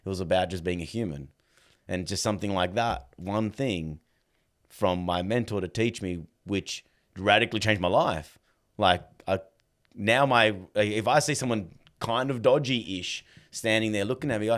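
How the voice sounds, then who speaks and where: A man's voice: lowish voice, normal speed. A man, a podcast guest and dog trainer, chatting casually and acting out quoted dialogue as he tells stories. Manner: animated storyteller, acts out quoted dialogue. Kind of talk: casual conversation.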